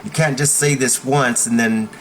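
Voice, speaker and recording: A self-help teacher with a mid-range voice and fairly even intonation explains at normal speed how to stand up to bullies, speaking emphatically and often checking in with "okay?". The low-quality recording carries a little hiss or hum.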